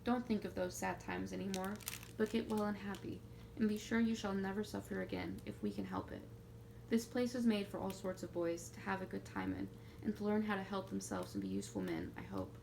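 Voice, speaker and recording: A woman reading a storybook who voices a kind, motherly schoolmistress speaking gently to a boy. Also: mid-range voice, big pitch swings, fairly quick, gravelly, slight background noise, poor audio. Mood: soothing. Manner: gentle, soothing.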